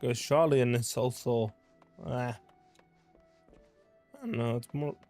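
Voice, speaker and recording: A man's voice: mid-range voice, slow, darkish tone, soft background music. A man streaming a game, thinking aloud and chatting casually between reading quest text. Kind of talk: casual let's play commentary.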